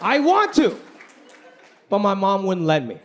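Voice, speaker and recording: A man doing a stand-up comedy set in a club, talking in an animated way and acting out other people's voices. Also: high voice, measured pace, a faint crowd, slight background noise. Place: comedy club stage before a live audience. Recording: live club recording with loud audience laughter. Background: audience laughter.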